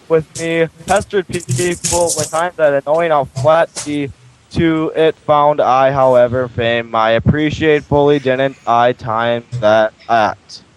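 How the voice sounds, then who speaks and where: A young man with a somewhat high voice stumbles through a garbled text one word at a time. He reads flatly and haltingly into a home computer mic on a casual stream. A faint hiss sits under the recording. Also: low-quality recording. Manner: slow, halting word-by-word reading. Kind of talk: mock reading of a bio on a livestream.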